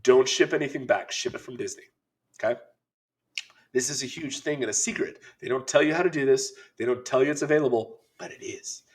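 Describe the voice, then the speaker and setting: A middle-aged man co-hosting a podcast, telling an animated, laughing story in casual chat. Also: medium pitch, a little fast. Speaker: podcast co-host.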